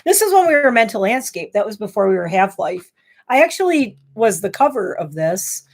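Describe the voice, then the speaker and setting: A woman in her forties chatting casually to camera, telling rambling stories with animated, exclamatory bursts. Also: mid-range voice, a little hiss or hum. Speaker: vlogger.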